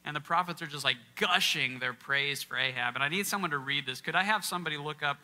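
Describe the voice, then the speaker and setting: A man leads an interactive Bible teaching talk for a live church audience as a workshop speaker, quizzing listeners and stressing key words in a conversational style. His voice is a little high and sharp, and he talks fast.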